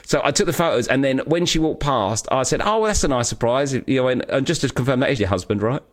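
A man co-hosting a casual podcast, spinning funny anecdotes with lively energy. He jumps into the voices of the people in his stories as he goes. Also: medium pitch, fast talker. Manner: animated storyteller, acts out quoted voices. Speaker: podcast co-host. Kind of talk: casual chat.

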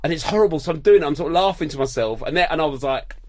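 A man's voice: a little high, expressive, very fast, no room sound, clean studio sound. A man, a comedian, telling a rambling, self-mocking story in casual chat.

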